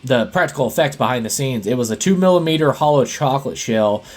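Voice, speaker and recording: A man's voice: mid-range voice, fast talker, faint music behind. A man hosting a casual movie podcast, retelling scenes in a rambling way full of fillers and laughs. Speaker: podcast host.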